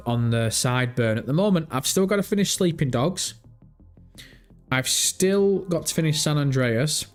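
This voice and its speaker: A man hosting a casual gaming livestream, thinking out loud and reading chat messages and search results. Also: mid-range voice.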